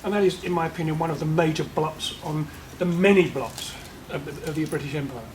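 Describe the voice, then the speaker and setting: An older man speaks formally at a meeting, his slightly raised voice stopping and restarting on words. A faint noise hum sits under the recording. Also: a little high. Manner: halting, repeats words while finding them. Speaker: meeting member giving vote of thanks. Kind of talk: formal public remarks. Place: meeting room.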